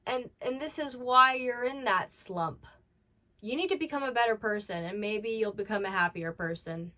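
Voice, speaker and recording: Woman commentary host, slightly high voice, blunt and scolding. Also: moderate pace, sharp tone. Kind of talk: reaction commentary.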